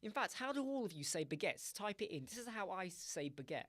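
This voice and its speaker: A man's voice: sits high, sing-song, brisk, fairly bright tone, no room sound, clean studio sound. A man hosting a live web design stream, joking and rambling playfully to his chat viewers.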